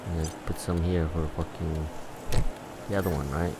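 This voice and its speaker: A man's voice: a bass voice, moderate pace, pauses often, heavy background noise. A man giving laid-back, rambling gameplay commentary, swearing freely as he plays. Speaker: gameplay streamer.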